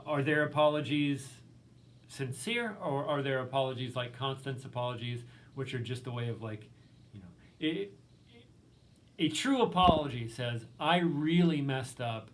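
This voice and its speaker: A man's voice: medium pitch, slight background noise. A male literature professor giving a recorded lecture in a casual, conversational way, full of ums and likes, reading quotes aloud.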